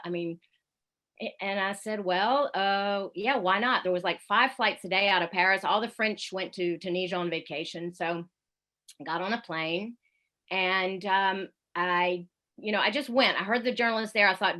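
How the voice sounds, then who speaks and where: A woman, a radio correspondent, telling a lively story over a video call, full of fillers and asides. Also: medium pitch, moderate pace. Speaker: radio correspondent giving a talk. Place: home in Paris, at night.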